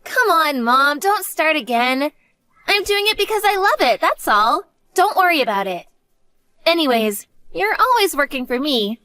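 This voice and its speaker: A woman's voice: high-pitched, sing-song, normal speed, pushed and bright, no echo, studio quality, heavily acted. A woman voicing an earnest, devoted college-age daughter who talks to her mother. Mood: affectionate. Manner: earnest, pleading.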